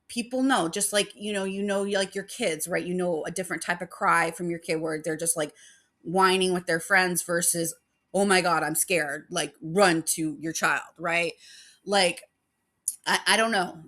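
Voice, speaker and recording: A woman's voice: lowish voice, bright, forceful tone. A woman hosting a paranormal channel, chatting casually and rambling with many fillers, emotional about her dog. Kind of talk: casual chat.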